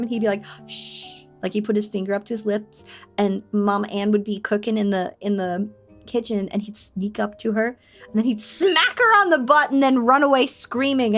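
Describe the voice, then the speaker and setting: A woman streamer reading a story game aloud and chatting, telling stories in an animated, expressive way. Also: on the high side.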